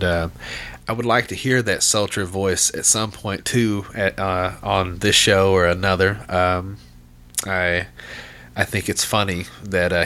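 A man's voice: sits low, sharp tone. A man hosting a podcast, chatting casually in a rambling, profane, laid-back way. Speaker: podcast host.

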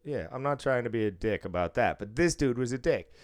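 A man's voice: medium pitch, fairly quick, no echo, clean studio sound. A man in his thirties telling a work story from his job as a casino supervisor in casual chat, swearing freely and acting out the people he quotes. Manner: profane, animated, acts out quotes.

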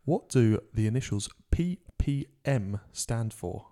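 A man's voice: mid-range voice, expressive, takes it slowly, mellow. A man hosting a podcast, reading out quiz questions in a jokey, casual way and laughing often. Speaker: podcast host, quizmaster.

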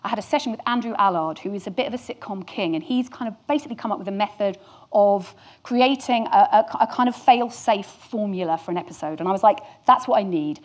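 A woman's voice: mid-range voice, fast talker. A woman candidly telling a work anecdote to an audience, with some swearing and self-deprecating humour. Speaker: storyteller guest.

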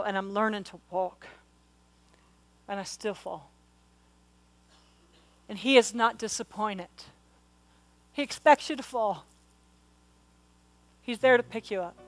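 A middle-aged woman preaching a sermon, her questions swelling into loud, urgent exhortation. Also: medium pitch, poor audio. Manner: passionate, rising to loud exhortation.

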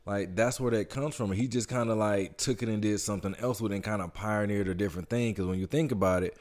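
A man in a casual podcast chat, talking in a relaxed, thoughtful way and explaining his views at length. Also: fairly low pitch, fast talker.

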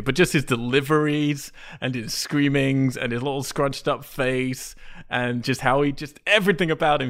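A man in a casual podcast chat, reviewing a film with animated, exaggerated complaints. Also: medium pitch. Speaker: podcast co-host.

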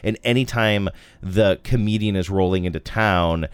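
A man co-hosting a casual chat show, animated and self-mocking. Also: normal speed, clear, resonant tone, no room sound. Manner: animated, self-mocking, bursts into silly high impressions. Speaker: podcast co-host.

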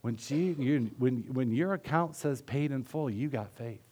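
A man preaching a sermon in an earnest, conversational way, often dropping his voice softly. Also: mid-range voice, a little slow, husky. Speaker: pastor.

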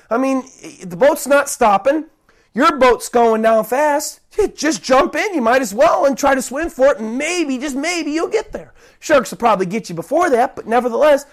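Preacher, sermon, conversational, dramatic shouted pleas, rambling restarts. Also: sits high, expressive, normal speed. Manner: dramatic, acts out the cries of those he preaches about.

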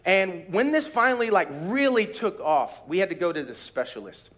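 Animated high-voiced preacher man. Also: normal speed. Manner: animated storyteller, acts out voices, bursts into shouted praise. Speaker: pastor. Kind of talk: sermon with personal stories. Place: church retreat.

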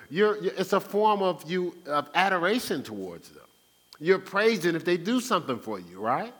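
A man giving conversational Bible teaching, animated and acting out everyday talk. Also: sits high, normal speed, long reverb tail. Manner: animated, acts out everyday speech. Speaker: Christian teacher. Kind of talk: conversational preaching.

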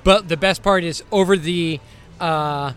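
Podcast co-host, male, chatty and rambling, pitched a touch high, recorded at a restaurant table. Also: measured pace, fairly bright tone, clear, resonant tone. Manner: rambling, filler-heavy. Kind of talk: casual chat.

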